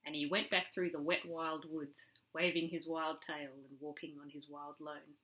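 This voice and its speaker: A woman's voice: low-pitched, moderate pace, pushed and bright, rough recording. A woman reading a classic storybook aloud to a small child, rhythmic and storytelling.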